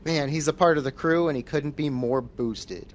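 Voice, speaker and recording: A man's voice: fairly high pitch, normal speed. A man co-hosting a podcast, playfully riffing with made-up lines from the film. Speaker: podcast co-host. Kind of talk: casual movie chat.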